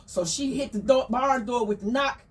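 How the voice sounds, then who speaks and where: A woman tells a barnyard tale like juicy gossip, chatty and slangy with animated asides. Her voice sits fairly high. She is recorded a little way back from the mic. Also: normal speed, recorded from a distance. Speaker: storyteller. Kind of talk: casual gossipy storytelling.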